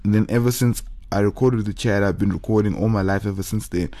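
A young man hosting a podcast, telling a personal story in a halting, emotional way, holding back tears and repeating his words. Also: lowish voice, fairly even intonation, dark tone. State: tearful, holding back crying. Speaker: podcast host.

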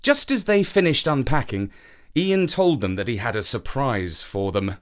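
A man presenting and reading a children's story aloud, animated and acting out the characters. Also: mid-range voice, moderate pace.

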